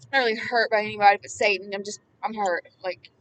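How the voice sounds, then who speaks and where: A woman giving impassioned Bible commentary, emphatic and repetitive, swinging between hushed words and loud ones. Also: mid-range voice, steady tone, fast, far from the mic, slight background noise, low-quality recording. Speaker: preacher.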